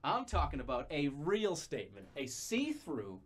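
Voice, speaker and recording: A man making an emphatic, salesy recommendation in a pitch style. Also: wildly swooping pitch, moderate pace.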